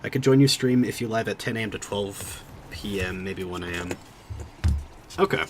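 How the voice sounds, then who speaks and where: Low-voiced guy streaming a game, rambles and cuts himself off a lot, talks to chat at his desk mic, faint hiss behind. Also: animated, fairly quick. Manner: rambling, self-interrupting, thinking out loud. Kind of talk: casual livestream chat while gaming.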